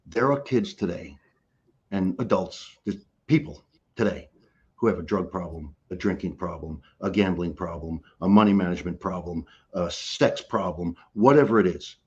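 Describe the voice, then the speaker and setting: A man's voice: low voice, moderate pace, slightly rough, highs cut off. A middle-aged man, a guest life coach, giving an emphatic motivational talk on a call, repeating key phrases for effect in a blunt, casual way.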